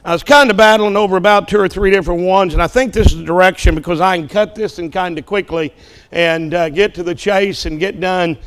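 A male preacher with a high, smooth voice, preaching at a church service. He talks in a folksy, joking way and keeps checking in with the congregation. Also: fairly even intonation, brisk, a bit bright. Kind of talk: sermon with a told joke.

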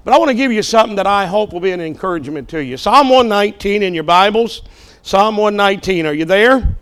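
A male preacher with a high, smooth voice, preaching at a church service. He talks in a folksy, joking way and keeps checking in with the congregation. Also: animated, quick pace, a bit bright. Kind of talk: sermon with a told joke.

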